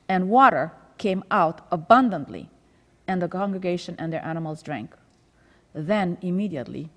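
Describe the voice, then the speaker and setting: A woman's voice: on the low side, big-room sound. A woman leading a Sabbath School Bible study in a conversational way, reading scripture aloud and explaining it. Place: church.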